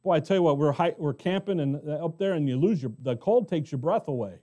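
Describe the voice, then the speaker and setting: A middle-aged American pastor teaching verse by verse in a conversational way, often asking the congregation questions. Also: male voice, on the high side, lively intonation, quick pace, dark tone. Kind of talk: expository Bible teaching.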